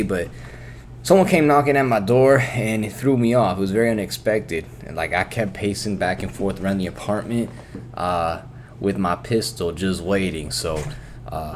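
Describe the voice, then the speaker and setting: A man talks loosely and profanely, hosting his vlog from his bedroom. His voice sits on the low side, and a faint hum of noise runs underneath. His delivery is relaxed and rambling. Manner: laid-back, profane, loose storytelling. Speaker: vlog host. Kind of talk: casual rambling vlog chat.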